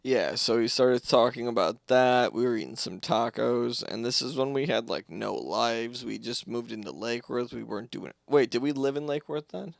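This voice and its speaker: A young man co-hosting a casual comedy podcast at home, playful and quick to swear and joke around. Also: mid-range voice, creaky, no echo, clean studio sound. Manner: playful, swears, jumps into silly voices. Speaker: podcast co-host.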